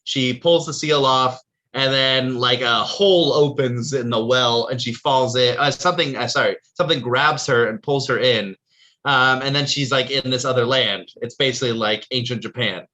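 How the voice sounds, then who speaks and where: A man's voice: mid-range voice, steady tone, moderate pace, pushed and bright. A young man co-hosting a casual podcast chat, rambling and laughing often as he explains. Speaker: podcast co-host.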